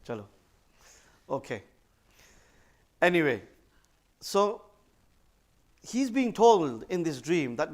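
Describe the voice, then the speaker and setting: A male religious teacher in a mosque gives an earnest storytelling sermon, reciting Arabic phrases and putting questions to his listeners. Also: mid-range voice.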